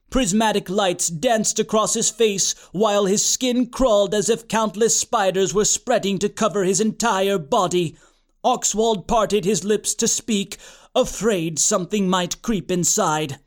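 A man's voice: high-pitched, a little slow. A man reading a comic story aloud in a dry, matter-of-fact storytelling manner. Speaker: audiobook narrator. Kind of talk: scripted comic narration.

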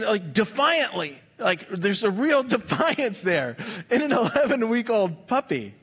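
A man preaching a sermon in a conversational, humorous way, with quick asides to the congregation. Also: high voice, a bit bright, breathy edge. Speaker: pastor.

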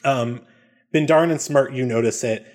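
Male game master, easygoing narration with plenty of filler ums, average pitch. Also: moderate pace. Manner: relaxed, many ums and uhs.

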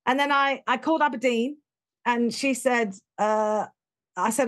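A woman's voice: on the high side, moderate pace. A middle-aged English woman, a guest in an interview, telling her life story frankly and animatedly, acting out the people she quotes.

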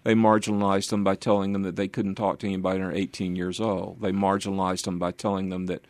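Older man with a low, dry voice. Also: level tone, fast talker, a little mellow, no echo. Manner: earnest storytelling with easy laughs. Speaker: pastor and guest. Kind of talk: interview recounting ministry.

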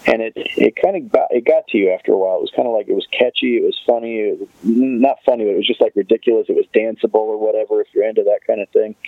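A man's voice: on the low side, racing, few pauses, dry recording. A man hosting a podcast in loose, rambling casual chat, swearing now and then. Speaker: podcast host. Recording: tinny phone-like line.

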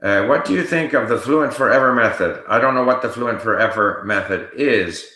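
A man hosting a casual live Q&A, reading viewer questions aloud and answering them in a relaxed, explanatory way while he thinks aloud. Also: medium pitch, moderate pace, roomy sound, rough recording.

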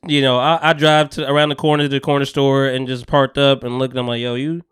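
A man's voice: mid-range voice, little pitch movement, fast talker, a bit bright, clean tone, dry recording, studio quality. A man co-hosting a podcast, telling a profane story with laughs and acting out both sides of the conversation. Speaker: podcast co-host.

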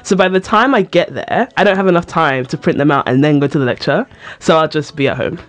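A woman's voice: low-pitched, fast talker. Giggly young woman guest. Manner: giggly, playful. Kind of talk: casual chat.

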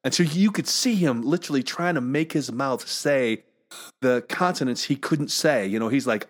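A man's voice: mid-range voice, moderate pace. A middle-aged man hosting a solo podcast, telling stories in a chatty way with many fillers and restarts. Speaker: podcast host. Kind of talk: casual solo podcast monologue.

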